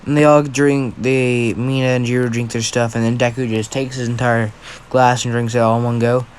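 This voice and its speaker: A man's voice: medium pitch, little pitch movement, moderate pace, slight background noise. A tired young man telling an improvised story casually, rambling, apologizing and swearing.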